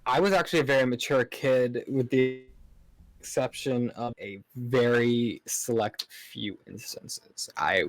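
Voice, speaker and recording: A man's voice: mid-range voice, a little slow, low-quality recording. A man guesting on a casual podcast, laid-back and swearing casually.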